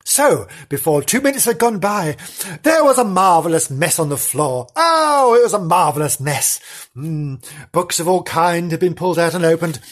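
Playful storyteller with lively asides. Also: mid-range voice, normal speed. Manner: playful, sarcastic asides and giggling. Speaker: podcast storyteller. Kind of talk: ad-libbed children's story reading.

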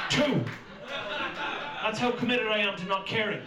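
A man with an Irish accent performs stand-up in a live club, loud and animated, throwing in impressions. His voice sits high and swings all over the place. The recording is roomy and distant, with loud noise underneath. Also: a little slow, pauses often, a crowd in the background. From west of Ireland. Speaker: stand-up comedian. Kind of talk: stand-up routine. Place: comedy club stage.

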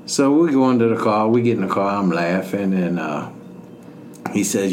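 A man's voice: on the low side, normal speed, a little hiss or hum. A middle-aged man co-hosting a podcast, telling a long funny story in a joking, laughing manner. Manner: joking, animated storyteller who laughs often. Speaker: podcast co-host. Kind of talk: casual storytelling chat.

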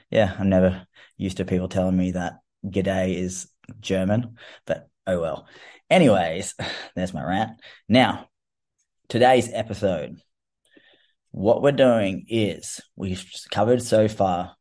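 An Australian man with a low voice hosts a solo fitness podcast. He talks in a loose, chatty way, rambling a little with casual fillers. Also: a little mellow. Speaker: fitness coach podcast host.

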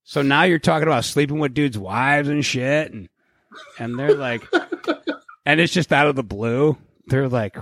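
A man's voice: mid-range voice, moderate pace, a bit bright, dry recording, clean studio sound. A man co-hosting a podcast in casual chat, swearing freely, joking and acting out imagined conversations. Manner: profane, joking, acts out imagined dialogue. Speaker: podcast co-host.

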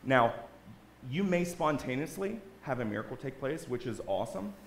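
This guest speaker's expressive, medium-pitched voice moves at a normal pace and sounds roomy, with slight background noise. He's giving an earnest church testimony in the sanctuary, often checking with the congregation by asking "right?".

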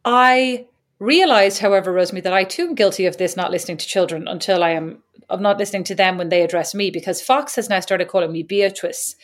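A woman's voice: mid-range voice, fast talker. A woman co-hosting a podcast in casual chat, telling stories with a teasing, chatty manner. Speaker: podcast co-host.

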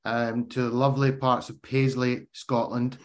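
A man's voice: mid-range voice, level tone, measured pace. A man interviewing a former teammate, asking friendly questions in casual chat.

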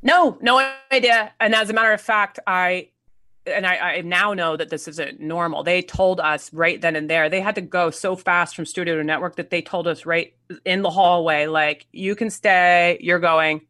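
A woman's voice: fairly low pitch, normal speed, no room sound, studio quality. A woman telling an anecdote in a casual interview, acting out quoted lines and laughing often. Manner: animated storyteller, acts out quotes, laughs often. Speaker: actress guest.

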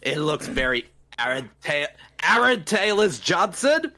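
A man co-hosting a movie commentary podcast, playful and exaggerated, jumping into high excited tones. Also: a little slow. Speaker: podcast co-host. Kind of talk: comedic movie commentary chat.

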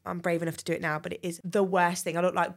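A woman in her thirties co-hosting a casual chat podcast, giggly and frank, breaking into loud laughter and swearing freely. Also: fairly low pitch, level tone, racing. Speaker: podcast co-host.

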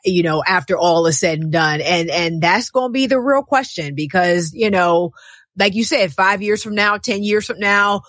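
A woman co-hosting a tech podcast, animated and emphatic, piling up questions. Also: medium pitch, normal speed, no room sound. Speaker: podcast co-host. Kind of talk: casual tech discussion.

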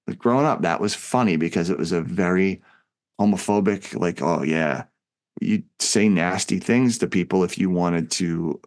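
A man co-hosting a film podcast, talking casually and reflectively about a movie and his own past. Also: vocal fry. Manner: reflective, acts out quoted lines with big pitch jumps.

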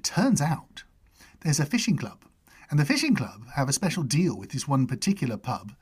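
A middle-aged man, chatting casually and telling lively anecdotes as a podcast host. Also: normal speed, slightly rough. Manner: animated anecdotes with high-pitched character voices. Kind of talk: casual storytelling chat.

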